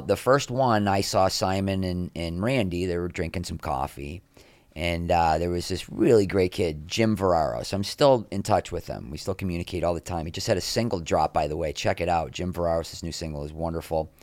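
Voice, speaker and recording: A middle-aged man spins animated stories as a podcast guest, tossing in quick asides. His voice sits low, and the recording is dry and close, with no room sound. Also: no room sound. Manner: animated anecdotes, quick asides, acts out quoted people. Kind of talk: casual interview storytelling.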